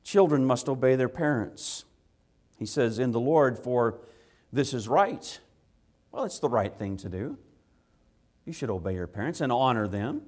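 A man, a father, preaching a sermon to children, swinging from loud impassioned rises to quiet earnest asides. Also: medium pitch, expressive, a little slow, long pauses. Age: adult with children. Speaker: pastor.

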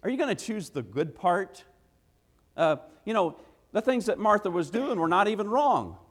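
A preacher with a high-pitched, slightly rough, sing-song voice delivers an evening sermon at normal speed. He's folksy and emphatic, using "gotta" and "ain't," posing rhetorical questions and accenting each point with "hey." The sanctuary adds a long church-hall reverb.

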